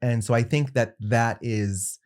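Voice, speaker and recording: Guest: a reflective man who speaks with halting restarts as he searches for words. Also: medium pitch, steady tone, a little mellow. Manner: thoughtful, halting with many restarts. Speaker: podcast guest, makeup artist. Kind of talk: reflective podcast conversation.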